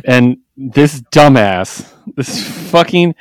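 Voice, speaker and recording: A man co-hosting a casual podcast, recapping comics in an animated way, jumping into quick character voices and laughing often. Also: medium pitch, dry recording. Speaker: podcast co-host. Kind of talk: casual comic book chat.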